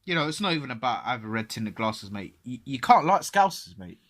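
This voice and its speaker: A man's voice: medium pitch, sing-song, fairly quick, fairly bright tone. A man co-hosting a casual football podcast, swearing freely and saying "mate" at every turn. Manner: laddish, swears a lot, says "mate" constantly. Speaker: podcast co-host.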